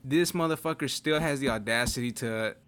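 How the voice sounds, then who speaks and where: A man's voice: medium pitch, a little fast, a bit bright, clean tone. A man co-hosting a podcast, telling a story in slangy casual chat, swearing and saying "bro" constantly.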